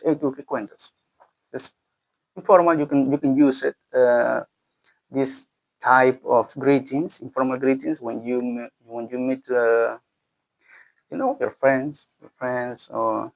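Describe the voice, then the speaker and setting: A man with a gravelly, creaky voice at a middle pitch teaches Spanish greetings in English. His first language is Spanish, and he talks loosely and conversationally, restarting phrases and checking in with "right?" as he goes. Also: low-quality recording. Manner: loose and conversational, full of restarts and tag questions. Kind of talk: casual language lesson.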